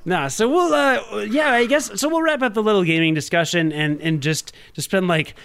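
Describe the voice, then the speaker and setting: Podcast host guy, pretty high voice, teasing, keeps things moving. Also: animated, moderate pace, creaky, a bit bright, slight background noise. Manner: teasing, steers the conversation. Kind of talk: casual chat.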